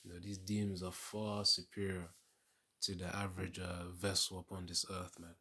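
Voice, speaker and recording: A man's voice: low voice, little pitch movement, moderate pace, bright, forceful tone, breathy edge. A man giving casual religious reaction commentary in a preachy way, often tacking on "man" and laughing.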